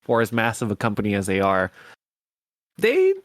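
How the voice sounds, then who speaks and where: A man's voice: fairly low pitch, little pitch movement, quick pace, a bit bright, no echo, clean studio sound. A man hosting a podcast in casual chat who laughs easily and talks in long running sentences full of fillers. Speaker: podcast host.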